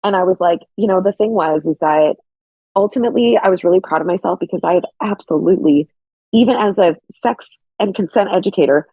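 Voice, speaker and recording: Young woman, husky voice. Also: on the low side, fairly quick, no echo.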